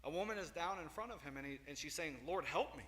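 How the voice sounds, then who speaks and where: A man leads a Bible lesson in a church hall, telling the story with lively acted-out quotes. His voice is bright and forceful and sits fairly high. The sound carries a long hall reverb. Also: fast talker. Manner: animated storytelling, acting out quotes. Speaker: Sunday school teacher.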